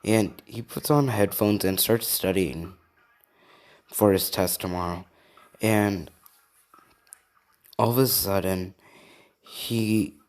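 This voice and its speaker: Rambling man telling a fan story. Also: fairly low pitch. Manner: rambling, casual, many restarts. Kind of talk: improvised fan story narration.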